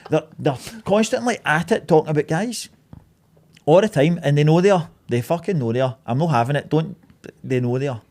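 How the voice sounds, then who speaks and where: A man's voice: a little high, a little fast, a little mellow. A man, a podcast guest chatting in a studio, blunt and sweary, ranting through his opinions. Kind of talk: casual chat.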